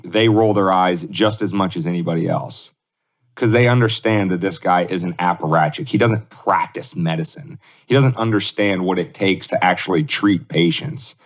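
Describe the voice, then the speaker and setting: A man co-hosting a casual political podcast, rambling through his points, laughing often and swearing loosely. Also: fairly low pitch. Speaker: podcast co-host.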